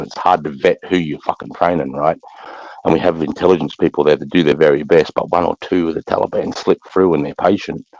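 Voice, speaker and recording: Brief: Australian ex-soldier, very low and gravelly, blunt and profane, dry muffled recording. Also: male voice, darkish tone, no echo. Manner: blunt, profane, keeps saying mate. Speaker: army veteran guest. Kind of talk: casual war storytelling.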